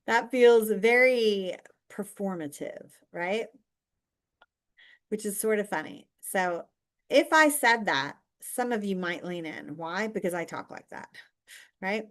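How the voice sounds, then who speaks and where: A woman's voice: mid-range voice, lively intonation, takes it slowly, fairly bright tone. A woman coaching viewers directly in a chatty, emphatic way, teaching how to stand out online.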